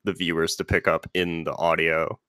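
A male podcast host talks in a loose, rambling way, padding his thoughts with fillers. His voice sits low and smooth. The recording is dry and close. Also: level tone, normal speed, bright, forceful tone, no echo. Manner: rambling, filler-heavy and conversational. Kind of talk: casual podcast chat.

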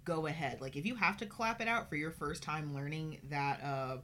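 A woman's voice: low-pitched, moderate pace, fairly bright tone, slight background noise. A woman co-hosting a casual podcast chat, dry and wry, swearing now and then. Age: adult, studied in college. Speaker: podcast co-host.

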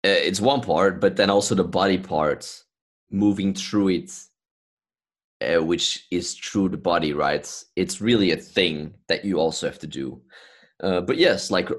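Very low-voiced male host, calm and reflective, supportive listener. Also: unhurried. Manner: thoughtful, frequent "uh" fillers, affirming listener. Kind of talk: reflective conversation about healing trauma.

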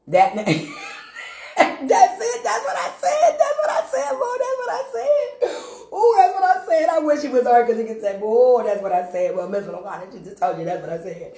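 A woman minister giving her testimony to a congregation, talking emphatically, repeating herself for effect and breaking into laughter. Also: mid-range voice. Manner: repetitive, emphatic, bursts into laughter. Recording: roomy echo.

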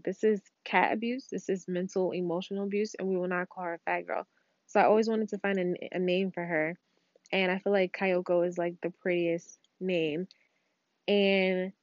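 A woman's voice: fairly low pitch, dry recording. A young woman hosting a podcast, telling a rambling personal story in casual, slangy, candid talk from home. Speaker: podcast host. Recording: dull lo-fi dry recording.

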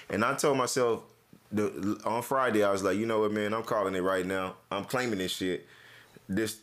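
A man in casual chat, telling stories in slangy, profane talk and acting out what people said. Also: lowish voice. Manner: animated storyteller, acts out quotes, slangy and profane.

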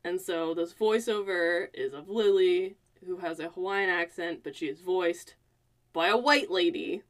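A woman's voice: lowish voice, unhurried. A woman co-hosting a casual podcast, chattily recapping a movie plot and laughing often. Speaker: podcast co-host.

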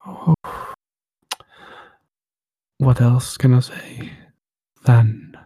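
Male podcast co-host, husky, unhurried, playful and theatrical. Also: medium pitch, a little mellow. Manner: playful, mock-romantic, theatrical. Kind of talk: joking podcast monologue. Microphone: studio microphone.

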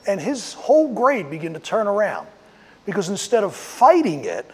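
A man with a high voice preaches a sermon outdoors, telling stories and dramatizing what people said. His voice rings with a long reverb tail. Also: huge pitch swings, moderate pace. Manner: storytelling, rising to emphatic when acting out quotes. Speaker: pastor. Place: outdoors on a street.

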